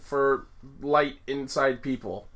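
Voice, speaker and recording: A podcast host in a casual group chat, lively and giggly, steering the conversation. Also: medium pitch, slow pace.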